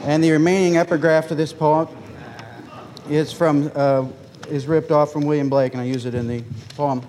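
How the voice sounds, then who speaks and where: A man's voice: a little high, level tone, normal speed, darkish tone, slight background noise. Man chanting a poem in a reverberant hall. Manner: chanting, rhythmic incantation; rambling spoken introduction with fillers. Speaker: poet. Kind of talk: poetry reading.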